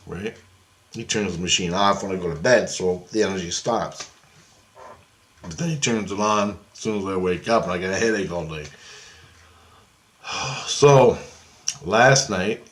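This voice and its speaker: A man telling a long dream story in a casual, rambling monologue, swearing often and tossing in "right?" asides. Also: low-pitched.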